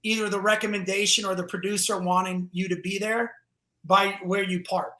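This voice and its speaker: A man with a New Jersey accent tells animated, profane stories in a casual podcast chat. His voice is bright and forceful. It rings in an echoey room. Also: high-pitched, moderate pace. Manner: animated storytelling, swears freely. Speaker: guest comedian.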